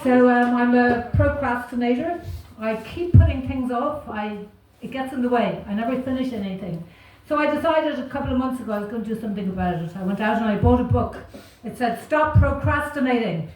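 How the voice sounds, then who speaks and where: A woman's voice: on the high side, fairly quick, few pauses, darkish tone, very echoey, recorded from a distance, a little hiss or hum, low-quality recording. An Irish woman doing a stand-up comedy set on stage, self-deprecating and wry, chuckling through her punchlines. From Ireland.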